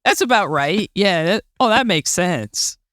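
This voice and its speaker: A woman's voice: fairly low pitch, animated, a little slow, fairly bright tone, dry recording, studio quality. A young woman from Florida co-hosting a podcast, bubbly, laughing and agreeing often in casual chat. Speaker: podcast co-host.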